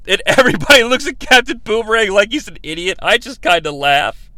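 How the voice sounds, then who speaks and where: Man, high bright voice, sarcastic movie recap, dry close mic. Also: big pitch swings, brisk, dry recording. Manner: sarcastic, acts out characters' lines. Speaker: comedy podcast host.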